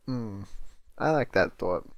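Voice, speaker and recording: A man's voice: on the low side, lively intonation, slow, no echo. A man co-hosting a podcast, chatting casually about a film, blunt and joking, swearing freely. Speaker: podcast co-host. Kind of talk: casual movie review chat.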